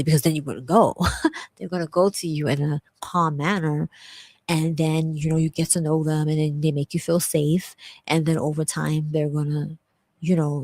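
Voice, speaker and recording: A woman with a notably low voice speaks in a candid, earnest way as she tells her own story to the camera. She circles back and repeats her points as she goes. The sound is dry and close. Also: a little mellow, no echo. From grew up in US housing projects. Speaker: vlogger. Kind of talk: candid personal commentary.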